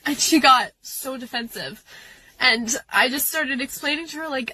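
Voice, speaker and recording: A woman's voice: high-pitched, moderate pace, bright, forceful tone, breathy edge, rough recording. A young adult woman venting about a workplace conflict in a personal video, upset and tearful, with nervous laughter breaking through. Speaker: worker recounting a conflict. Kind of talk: emotional personal vent video. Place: outdoors at a beach.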